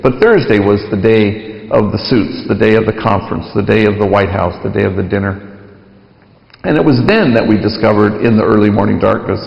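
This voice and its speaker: Gravelly-voiced priest telling a story in a hall. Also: male voice, on the low side, fairly quick. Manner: animated storytelling, acting out quoted voices. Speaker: priest giving a talk. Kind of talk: storytelling lecture. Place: large lecture hall. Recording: echoey hall, dull lo-fi sound.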